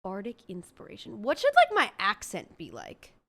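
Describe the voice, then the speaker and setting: A woman's voice: mid-range voice, huge pitch swings, normal speed, gravelly, a bit bright. A woman hosting a stream, chatting casually and rambling as she searches aloud for words. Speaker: streamer host. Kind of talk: casual chat while building a game character.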